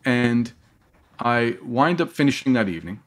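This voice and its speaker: A man telling a long personal story as a guest in an interview, lively and acting out the voices of the people he quotes. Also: mid-range voice, moderate pace.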